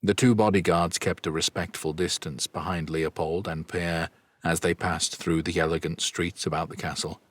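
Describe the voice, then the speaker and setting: A man narrating a fantasy audiobook in a steady, even storytelling manner. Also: deep voice, normal speed, dry recording. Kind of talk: scripted narration.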